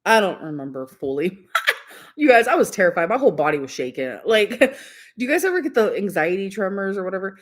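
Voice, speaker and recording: A woman's voice: medium pitch, very animated, fairly quick. Chatty, giggly young woman streamer. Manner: chatty, rambling, giggly, lots of "like" and "um". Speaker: livestreamer. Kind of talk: casual livestream chat.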